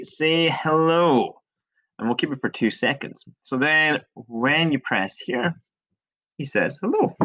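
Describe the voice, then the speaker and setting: Here a male coding teacher walks through each step in a relaxed, talkative way, unbothered by his own little mistakes. His pitch is medium, and the audio is a dull, lo-fi screen capture.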